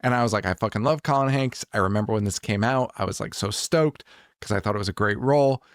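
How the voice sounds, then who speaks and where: A man's voice: lowish voice, fast talker, dry recording, studio quality. A young man co-hosting a casual horror podcast, joking and swearing, often laughing. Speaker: podcast co-host. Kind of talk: casual chat.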